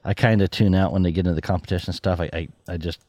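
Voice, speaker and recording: A man's voice: low voice, fairly even intonation, rapid-fire, a little mellow, dry recording. A man hosting a podcast in casual chat, rambling, laughing often and restarting his sentences. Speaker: podcast host.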